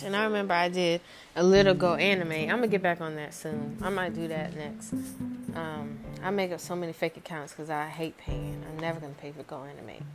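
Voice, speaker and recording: A young woman talks through a casual podcast, venting about her past in a chatty, animated way and slipping into the voices of the people she quotes. Her voice sits at an ordinary middle pitch. Guitar music plays clearly behind her the whole time. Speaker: podcast host. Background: background guitar music.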